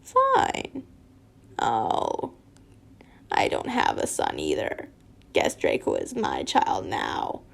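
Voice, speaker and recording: A woman reading fan fiction aloud, voicing a sinister male dark wizard in a deep, raspy, breathy whisper. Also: huge pitch swings, exaggerated voice. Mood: menacing. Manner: slow, menacing, breathy.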